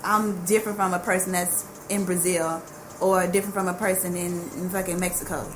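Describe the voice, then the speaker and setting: A Dallas woman with a Southern accent guests on a casual podcast, speaking briskly in a lowish, level voice. She's blunt and emphatic and swears freely, and the studio room she's in is noisy.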